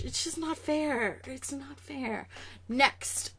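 Sassy young woman vlogger ranting about comic news, kinda high voice, talks right to the camera. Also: slow pace, slightly rough.

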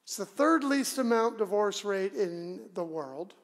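In an unhurried, expressive, high voice, a man preaches a conversational sermon from a church sanctuary. His delivery is dramatic and emphatic with sudden loud moments, and long church reverb fills the recording.

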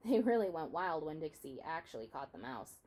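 A woman reading a children's novel aloud in an expressive storytelling manner. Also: low-pitched, brisk, a little hiss or hum. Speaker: reader.

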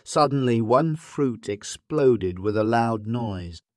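A man slowly narrating a graded-reader story for English learners, reading clearly and deliberately. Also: medium pitch, expressive, no echo, clean studio sound.

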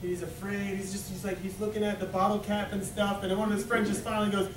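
A man's voice: high-pitched, little pitch movement, quick pace. A man performing pun jokes in a live improv game, laughing at his own lines. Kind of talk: live improv joke-telling. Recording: echoey stage from a distant mic with loud noise.

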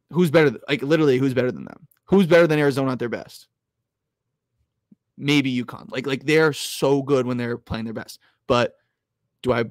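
A young man hosting a live stream about sports bets, talking casually and loudly at times, rambling with lots of "like"s and restarts close to his mic. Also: medium pitch, dry recording. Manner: rambling, filler-heavy, restarts with "like"; animated, loud at times. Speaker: sports betting host.

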